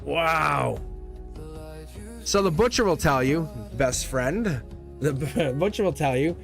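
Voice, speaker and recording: A man's voice: a little high, animated, slow pace, vocal fry, faint music behind. A man reading tarot cards live for his viewers, chatty, laughing often and repeating himself. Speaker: tarot reader, livestream host.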